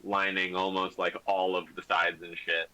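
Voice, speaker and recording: A man's voice: sits low, level tone, normal speed, sharp tone, slight background noise, rough recording. A man narrating a tabletop game as game master, rambling with many fillers. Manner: rambling, full of "like" and "um".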